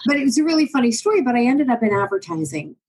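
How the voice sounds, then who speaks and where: A middle-aged woman, a leadership advisor, talking as a podcast guest in an animated, emphatic storytelling way. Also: fairly high pitch, rapid-fire, rough recording. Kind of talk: conversational interview.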